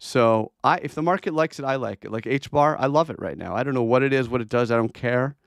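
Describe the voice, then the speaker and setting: A man's voice: medium pitch, fast talker, vocal fry, no room sound, studio quality. Blunt, chatty man streaming. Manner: chatty, blunt, answers chat requests, many fillers and restarts. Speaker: crypto trading livestream host. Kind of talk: casual livestream chart commentary.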